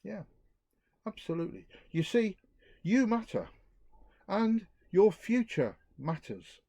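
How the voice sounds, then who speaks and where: A middle-aged man giving an earnest outdoor talk to a youth group, reflective and lively. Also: high voice, slow pace, no echo. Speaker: youth speaker.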